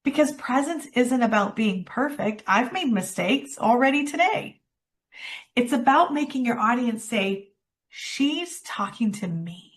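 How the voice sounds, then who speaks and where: Woman speaking coach, expressive workshop delivery, dramatic pauses, slow pace. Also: a little high. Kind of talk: workshop presentation.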